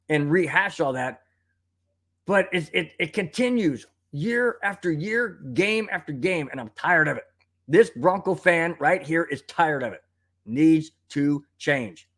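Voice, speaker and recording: A man with a rather high, slightly bright voice hosts a live sports talk stream at a measured pace with lively intonation. Worked up and ranting, he reads viewer comments aloud and coughs now and then from a tickle in his throat.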